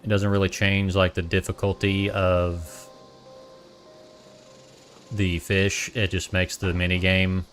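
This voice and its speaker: A man's voice: sits low, level tone, slow pace, long pauses, a bit bright, faint music behind. A man with a Boston accent streaming a game, chatting casually and thinking aloud. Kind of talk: casual gameplay commentary.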